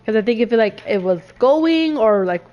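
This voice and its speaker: A woman co-hosting a podcast, telling animated stories, swearing freely and laughing along. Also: fairly high pitch, moderate pace, highs cut off. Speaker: podcast co-host. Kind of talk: casual storytelling chat.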